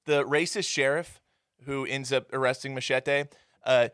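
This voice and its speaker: A man's voice: mid-range voice, fairly even intonation, unhurried, fairly bright tone, smooth, no echo, clean studio sound. A man co-hosting a casual movie review podcast, sarcastic and acting out quotes in mocking voices. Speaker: podcast co-host.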